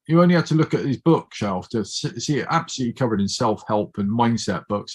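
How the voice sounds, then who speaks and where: Middle-aged male guest with a husky, mid-range voice, telling a story casually and playing every part. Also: mid-range voice, moderate pace, hardly any pauses. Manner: lively storyteller who acts out quoted speech. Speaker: guest speaker. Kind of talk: casual storytelling in a chat show.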